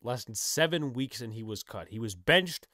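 An opinionated man talks through his team's moves in a casual monologue, his pitch swinging widely as he gets exasperated. The sound is dry and close, with no room around him. He leans on rhetorical questions and blunt verdicts. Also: animated, normal speed, bright, forceful tone, dry recording. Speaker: sports commentator. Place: indoors, on camera.

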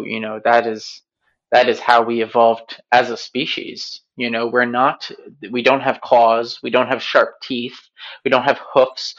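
A man telling stories and reflecting in a relaxed conversation, animated when recounting and measured when he muses. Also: mid-range voice, muffled recording.

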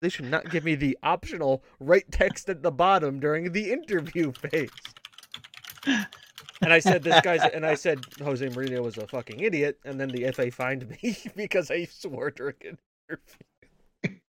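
A man's voice: fairly high pitch, moderate pace, fairly bright tone, a little hiss or hum. A man co-hosting a casual gaming show, telling rambling stories full of swearing and laughter. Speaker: podcast co-host.

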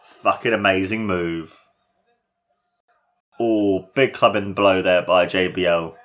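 A man giving casual, excitable play-by-play commentary on a wrestling match, his voice jumping up at big moves and swearing now and then. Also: deep voice, takes it slowly.

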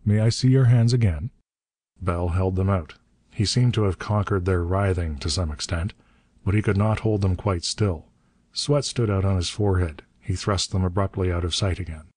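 Brief: male audiobook narrator, steady and measured, deep pitch, dry booth. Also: no room sound.

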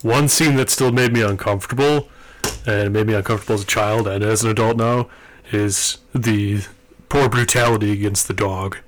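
A man's voice: on the low side, steady tone, moderate pace. A man co-hosting a podcast, talking through his thoughts earnestly in casual chat. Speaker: podcast co-host.

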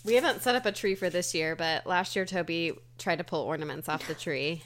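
A woman co-hosting a casual podcast over a remote call. She talks in an easygoing way with dry little asides, her voice sitting a bit low. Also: fairly quick, slight background noise. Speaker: podcast co-host. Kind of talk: casual chat.

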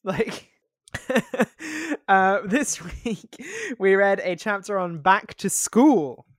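A man's voice: high voice, big pitch swings, extremely slow, no echo, clean studio sound. A man co-hosting a podcast, talking bluntly and wryly in casual chat. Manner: wry, blunt. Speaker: podcast co-host.

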